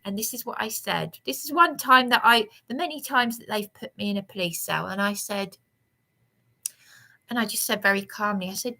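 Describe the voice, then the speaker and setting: A woman's voice: fairly high pitch, animated, normal speed, pushed and bright. A woman giving a rambling, aggrieved vlog monologue with emphatic outbursts. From England. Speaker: vlogger.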